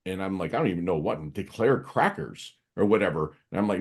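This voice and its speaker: American podcast host, low voice, animated and rambling, slangy casual chat. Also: male voice, brisk, hardly any pauses, breathy edge. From United States.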